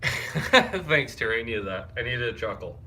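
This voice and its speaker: A young man chatting casually on a live stream. He greets viewers and reads their comments out loud, and he sounds wired and tired. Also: medium pitch, lively intonation, measured pace. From Canada. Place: hotel room.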